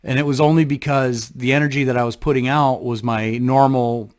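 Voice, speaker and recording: A man talking to camera in a casual vlog, reflective and halting, often restarting his sentences. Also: medium pitch, fairly even intonation. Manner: halting, thoughtful, frequent restarts. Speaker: vlogger.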